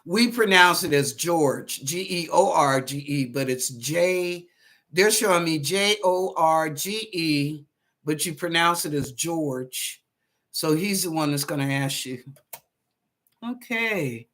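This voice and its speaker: A woman who reads psychic readings hosts a live stream, chatting casually and greeting each viewer by name. Her voice is low-pitched and a bit bright, and she speaks slowly.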